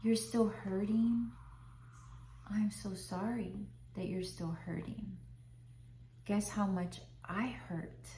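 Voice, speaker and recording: A woman's voice: medium pitch, a little hiss or hum. A woman voicing God as a tender father. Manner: soft, consoling, half-whispered. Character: tender loving heavenly father, male. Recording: roomy echo.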